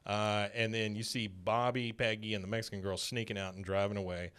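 A man's voice: lowish voice, level tone, fairly quick, a bit bright, clear, resonant tone. A man hosting a podcast, casually retelling an episode scene by scene with frequent "uh"s and chuckles. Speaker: podcast host.

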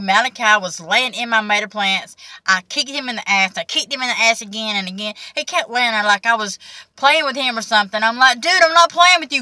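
A woman's voice: medium pitch, bright, forceful tone, no echo. Chatty exasperated woman vlogger. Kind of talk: casual chat to camera.

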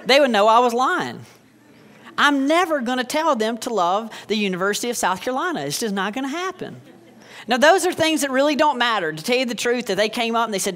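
A man's voice: sits high, expressive, brisk, fairly bright tone. A man in his thirties, a pastor preaching a sermon with joking asides and sarcastic humor.

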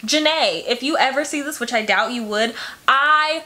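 A woman's voice: high-pitched, normal speed. A woman reacting to a song from her bedroom, gushing, emotional and swearing freely. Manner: emotional, gushing, profane, animated. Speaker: music reaction vlogger. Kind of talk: casual reaction commentary.

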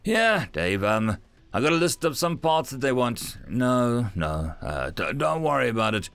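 A man's voice: medium pitch, very animated, unhurried, creaky, fairly bright tone, dry recording, faint music behind, exaggerated voice. A man voicing a brash, joking male space miner who talks in folksy rural slang. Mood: boastful.

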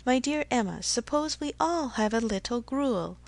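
A woman's voice: a little high, lively intonation, normal speed, voice pushed up. A woman reading the part of a fussy, anxious elderly father who frets fondly over his family's health. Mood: fretful fond. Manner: fretful, fond, repeats endearments. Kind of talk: audiobook character reading.

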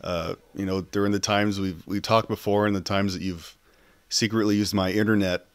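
A man's voice: lowish voice, flat delivery, moderate pace, smooth. A man joking and stumbling through casual answers for a wedding video. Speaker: wedding guest, brother-in-law. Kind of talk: casual on-camera wedding message.

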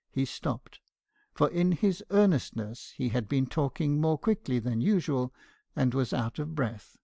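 A man narrating an audiobook in a measured, even storytelling manner. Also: mid-range voice, vocal fry, no room sound, clean studio sound.

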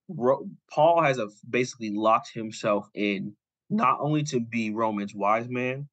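A young adult man with a fairly low voice tells a long story in a loose, rambling way, dropping "like" into nearly every line. His voice is recorded close and dry, with almost no room sound. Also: fairly bright tone, no echo, poor audio. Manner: rambling, heavy on "like" fillers. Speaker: podcast co-host. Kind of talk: casual storytelling recap.

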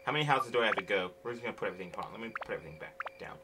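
This man talks very fast and expressively in a fairly low voice while hosting his gaming channel, casually commenting, complaining impatiently, and swearing a lot. Heavy background noise mixes with the video game music under him.

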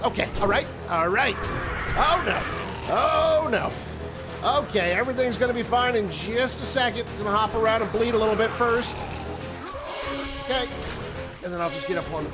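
A man's voice: high-pitched, a little fast, over music. A man commentating his own survival game run, joking and talking to the enemies as he plays. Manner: jokey, talks to enemies, animated outbursts. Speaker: gaming video host. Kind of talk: let's play commentary.

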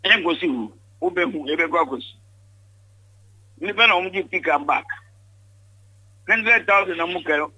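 A man's voice: high-pitched, animated, moderate pace, pauses often, sharp tone, breathy edge, poor audio. An older Ghanaian man giving an interview, speaking emphatically and often repeating words when pressed. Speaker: interview guest. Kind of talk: candid interview.

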